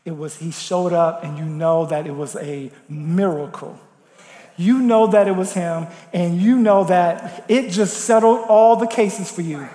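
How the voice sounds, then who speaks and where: A man preaching a sermon with passion, rising to loud calls and dropping to hushed prayer. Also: sits high, unhurried. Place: church. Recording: echoey church hall.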